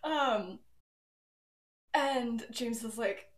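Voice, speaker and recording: A woman's voice: a little high, slow, far from the mic. A young woman hosting a podcast, retelling a story in a chatty, giggly way with many fillers. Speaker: podcast host. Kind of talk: casual storytelling. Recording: roomy echo, poorly set home mic.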